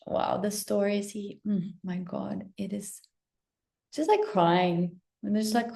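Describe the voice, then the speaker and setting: A young woman coaching her audience in a candid, spontaneous pep talk, swearing freely and dropping at times into soft whispers. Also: lowish voice, gravelly. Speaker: spiritual coach and vlogger. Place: indoors while traveling.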